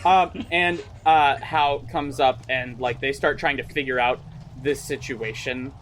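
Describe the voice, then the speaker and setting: A man's voice: medium pitch, steady tone, a little slow, a bit bright. A young man running a tabletop game as game master, narrating in a casual, chatty way with lots of fillers.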